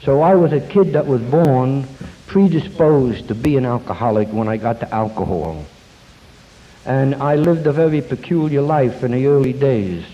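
A man's voice: medium pitch, warm tone. Folksy older man speaking in a hall. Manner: folksy, self-deprecating, halting. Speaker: speaker at a recovery meeting. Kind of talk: personal story talk with jokes. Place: meeting hall before an audience. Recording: dull lo-fi tape, long hall reverb.

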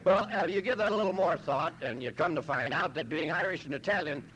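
A man from Los Angeles shares his personal story at a recovery meeting, in a fairly high voice with a lively, swooping pitch. His delivery is wry and self-mocking, with frequent "you know"s and throat clearing. A faint hiss of noise sits under the recording. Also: fast talker, low-quality recording. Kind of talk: humorous personal testimony.

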